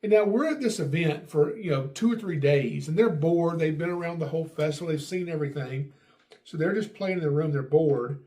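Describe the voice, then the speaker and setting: A middle-aged man hosting a podcast, telling a family story in a lively way and acting out what people said. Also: fairly high pitch, fairly quick. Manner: animated, acts out quotes with raised voice. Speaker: podcast host. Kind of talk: casual storytelling.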